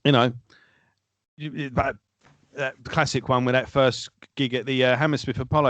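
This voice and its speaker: A man's voice: medium pitch, fairly even intonation, moderate pace, long pauses, fairly bright tone, no echo, dull audio. A man co-hosting a casual podcast chat who rambles and loses his train of thought. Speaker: podcast co-host.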